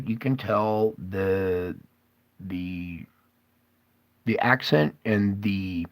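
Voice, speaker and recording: A man's voice: fairly low pitch, extremely slow, pauses often, dry recording. A man rambling as he hosts a conspiracy video, breaking up his talk with questions to the viewer. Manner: rambling, keeps asking "okay?".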